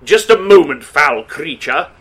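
A man's voice: on the high side, expressive, a little slow, crowd noise. An actor playing a righteous, pompous male archangel with formal, lofty speech in an audio drama. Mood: defensive.

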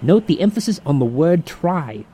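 A man's voice: fairly high pitch, expressive, normal speed, mellow, slightly rough. An actor playing a jovial, sleazy male demon who talks in slangy, chuckling banter in an audio drama. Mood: breezy.

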